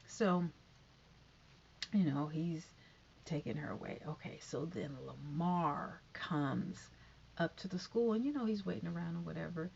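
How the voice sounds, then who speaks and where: A woman's voice: lowish voice, expressive, unhurried, creaky, darkish tone, lo-fi sound, slight background noise. A woman casually recapping a TV episode, rambling with lots of fillers and tangents.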